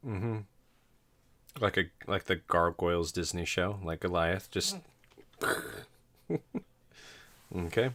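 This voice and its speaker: Deep-voiced, rambling male game master. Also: takes it slowly, pauses often, a bit bright, slight background noise. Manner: rambling, laughs often, stumbles over words. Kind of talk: narrating a tabletop game.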